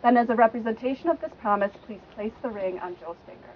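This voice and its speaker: Lady officiant running the ring part, formal and measured, lo-fi outdoor sound. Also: on the high side, a little hiss or hum. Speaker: wedding officiant. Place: outdoors by a lake.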